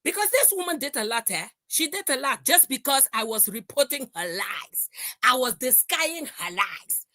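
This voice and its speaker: A woman's voice: high voice, sing-song, normal speed, pushed and bright, no echo, studio quality. A middle-aged woman hosting a livestream, ranting in a confrontational way and repeating her lines. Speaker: livestream host. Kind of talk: heated livestream rant.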